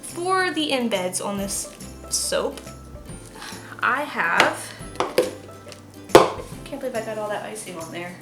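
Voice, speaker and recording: A woman's voice: mid-range voice, animated, takes it slowly, long pauses, echoey room, over loud music. A young adult woman telling a rambling story in a casual chat while making soap at home, with many restarts. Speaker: soap maker channel host.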